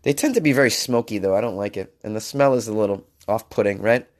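A man's voice: on the low side, quick pace. A man giving casual, jokey commentary while reading out a science news story, with sarcastic asides. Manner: jokey, sarcastic asides, mock-crooning bits.

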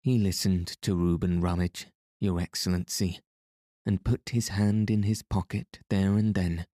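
A man reading the part of an elderly grimy trader who lisps and talks in a rasping, fawning way. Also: low voice, flat delivery, a little slow, mellow, no room sound, studio quality. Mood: wheedling. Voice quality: lisp. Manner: rasping, obsequious. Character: elderly grimy male trader, humble and wheedling.

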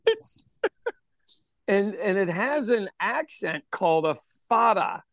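A man's voice: high-pitched, sing-song, slow pace, a bit bright, dry recording. A man co-hosting a podcast in casual chat, rambling and repeating words, laughing often. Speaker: podcast co-host.

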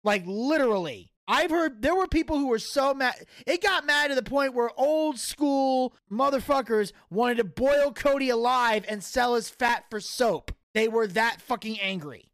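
Gravelly, profane wrestling-podcast man. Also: very high voice, normal speed, hardly any pauses, fairly bright tone, no room sound. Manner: profane, heated ranting. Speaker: podcast co-host. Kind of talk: casual wrestling recap chat.

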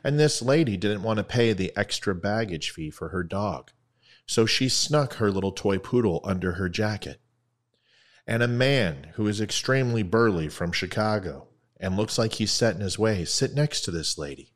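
A man's voice: fairly low pitch, expressive, normal speed. A man hosting a podcast, giving an impassioned monologue and then telling a long joke with growing animation. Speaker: podcast host.

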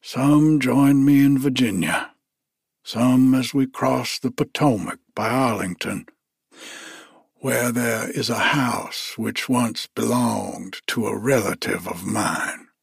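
A man voicing a white-haired old male soldier with a soft, hushed, courteous way of speaking. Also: medium pitch, slow, gravelly, breathy edge, no echo, studio quality, full character voice. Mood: earnest.

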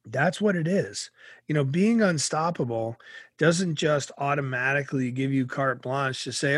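Husky-voiced middle-aged male storyteller. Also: medium pitch, unhurried, no room sound. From Massachusetts. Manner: animated storyteller. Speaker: guest. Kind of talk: storytelling interview answers.

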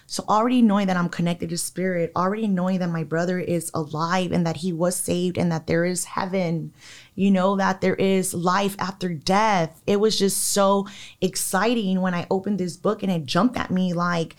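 A young adult woman, a podcast guest, telling an emotional personal story in a lively way with many fillers. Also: fairly low pitch. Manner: animated, quickens and slows, many fillers. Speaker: podcast guest, psychic medium.

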